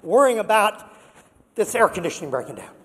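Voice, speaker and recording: A man's voice: high-pitched, big pitch swings, brisk, fairly bright tone, husky, heavily acted. An older man voicing an insistent, exasperated ninety-six-year-old woman, raising his voice emphatically. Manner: raised, emphatic delivery. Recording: long reverb of a large hall.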